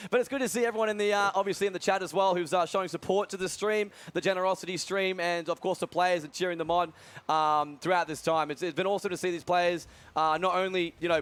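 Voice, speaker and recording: A young man doing live esports commentary, energetic and full of fillers. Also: high voice, smooth. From Australia. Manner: fast, energetic, many fillers. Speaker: esports commentator and event organizer.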